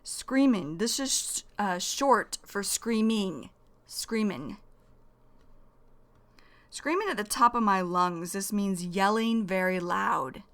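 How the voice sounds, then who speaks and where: A woman's voice: mid-range voice, slow, fairly bright tone. A young woman teaching English vocabulary, repeating each phrase and defining it in plain words. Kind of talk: slow vocabulary lesson.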